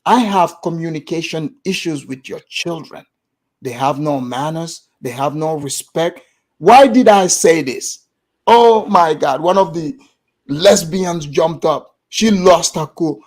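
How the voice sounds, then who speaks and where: Gambian man telling an animated story. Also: fairly high pitch, unhurried. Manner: animated storytelling, acts out the voices of others. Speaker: guest storyteller. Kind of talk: casual chat, anecdote telling.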